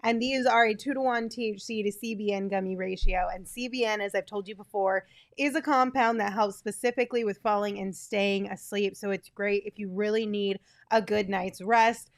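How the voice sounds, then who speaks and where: A woman co-hosting a casual sports podcast, upbeat and quick to laugh, reading sponsor spots smoothly. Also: medium pitch, fairly even intonation, no echo, studio quality. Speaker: podcast co-host.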